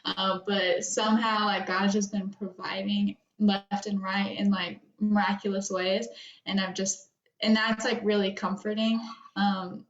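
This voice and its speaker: A woman's voice: mid-range voice, little pitch movement, unhurried. Tearful young woman, echoey dull recording. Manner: rambling with many fillers, tearful laughs. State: emotional, close to tears. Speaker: guest. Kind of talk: emotional personal conversation. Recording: roomy, dull lo-fi sound.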